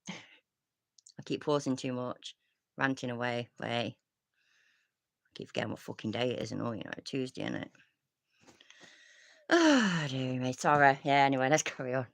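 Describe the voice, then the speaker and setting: A woman's voice: a bass voice, animated, unhurried, vocal fry, pauses often, no echo. Swearing woman ranting casually. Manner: rambling, swearing, frequent restarts and sighs. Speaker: commentary streamer.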